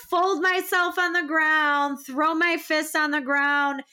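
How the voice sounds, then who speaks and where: A young woman with a high, bright voice chats casually as a podcast co-host. She tells stories animatedly and acts out the scenes as she goes. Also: takes it slowly, few pauses. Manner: animated storytelling, acting out scenes. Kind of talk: casual chat.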